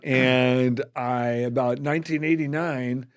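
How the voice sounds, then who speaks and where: A middle-aged man, a weatherman guest on a podcast, telling animated anecdotes and acting out quoted voices. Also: mid-range voice, slow pace, smooth, dry recording, studio quality. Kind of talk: casual storytelling.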